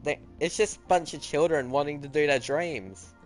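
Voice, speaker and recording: A man's voice: a little high, normal speed. Chatty teenage boy streaming, faint music. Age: teens. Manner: chatty, answers viewer chat, teasing. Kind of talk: casual chat while gaming.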